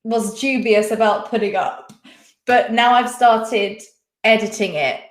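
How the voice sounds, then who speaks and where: Young woman, quiz host on a live stream, bubbly casual chat, slightly high voice, roomy echo. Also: fairly even intonation, measured pace. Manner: chatty, giggly, reads comments aloud.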